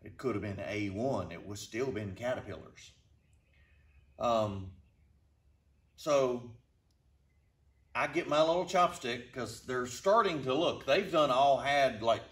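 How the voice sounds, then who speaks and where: Slow-talking man telling a story. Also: mid-range voice. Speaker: storyteller vlogger. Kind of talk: casual storytelling. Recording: roomy, distant from the mic.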